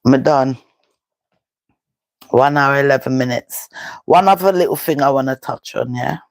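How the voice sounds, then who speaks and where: Jamaican woman vlogger, slow and emphatic, patois chat, dry close sound. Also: very deep voice, no room sound. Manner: talks in patois, emphatic and rhetorical. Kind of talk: casual live-stream chat.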